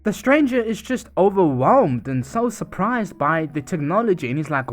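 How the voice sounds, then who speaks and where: A man's voice: high voice, very animated, moderate pace, hardly any pauses, faint music behind. A man casually retelling a video game's story, chatting loosely and narrating each scene. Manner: loose, chatty retelling with many "and she goes" asides. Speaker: gaming channel narrator.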